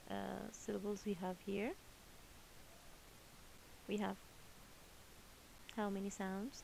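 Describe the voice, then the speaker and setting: A woman's voice: medium pitch, vocal fry, slight background noise, low-quality recording. A woman teaching a children's English lesson, patiently repeating each word twice.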